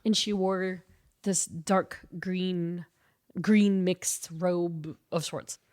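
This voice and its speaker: Co-host: stuffy-nosed woman, lively storyteller, laughs a lot, casual. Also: fairly low pitch, extremely slow. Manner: animated storytelling, laughs often. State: stuffy nasal. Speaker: podcast co-host. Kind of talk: casual chat.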